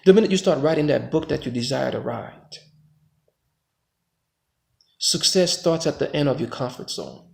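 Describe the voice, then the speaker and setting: American male motivational vlogger, mid-pitched, gravelly edge, emphatic preachy delivery. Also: animated, normal speed, long pauses. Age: adult father. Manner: emphatic, preachy, swings between loud pushes and low reflective stretches. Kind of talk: motivational monologue.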